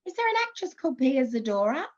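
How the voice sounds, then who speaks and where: Australian actress in her fifties, guest on an interview show; chatty, high-ish voice, muffled lo-fi recording. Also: very animated, fast talker. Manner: chatty, warm anecdotes with laughs and restarts. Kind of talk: casual interview storytelling.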